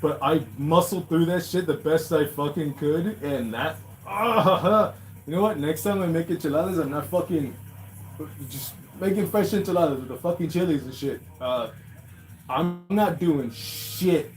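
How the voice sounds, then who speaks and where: A man hosting a story show, reacting in a casual monologue full of swearing and laughter. He drops into low mutters and then bursts out loud and high. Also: normal speed, low-quality recording. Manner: swears constantly, laughs, jumps from mumbling to loud outbursts. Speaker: host reacting to reddit stories.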